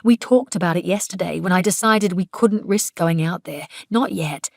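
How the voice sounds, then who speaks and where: Low gravelly woman narrating an audiobook. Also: normal speed, darkish tone, no room sound, clean studio sound. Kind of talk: first-person audiobook narration.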